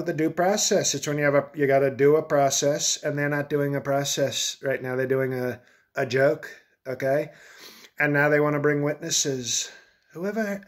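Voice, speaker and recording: A man's voice: on the high side, close to an everyday voice. A man doing a comedic impression of a boastful older male ex-president who rambles and repeats himself. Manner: rambling, repetitive, self-aggrandizing.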